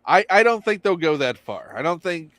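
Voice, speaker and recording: A man rambling and joking in a live chat, voice sitting slightly high. The recording is dry and close to the mic. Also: big pitch swings, moderate pace, fairly bright tone, dry recording. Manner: rambling, jokey, trails into restarts. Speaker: chat guest or co-host. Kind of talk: casual chat.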